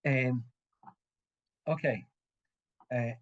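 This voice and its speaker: A man narrating a tabletop game as game master, halting and full of restarts. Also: mid-range voice, steady tone, muffled recording.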